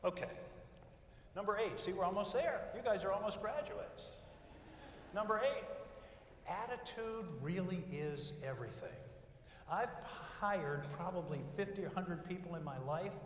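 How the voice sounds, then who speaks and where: An older man gives a graduation speech in a folksy storytelling manner, working through numbered advice. His voice sits high and comes through a reverberant hall. The mic is some distance away, with faint background noise. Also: normal speed. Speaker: commencement speaker. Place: large hall at a graduation ceremony. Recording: echoey hall from far off.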